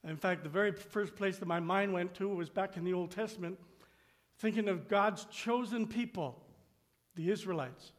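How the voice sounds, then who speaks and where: A man preaching a sermon as pastor, slowing down and dropping to a hush on key phrases, and raising his voice to act out complaints. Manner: acts out complaining voices with rising pitch.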